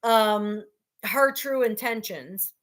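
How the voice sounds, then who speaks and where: A woman hosting a casual livestream chat who explains things in a measured way, with frequent ums. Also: medium pitch, fairly bright tone. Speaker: livestream host.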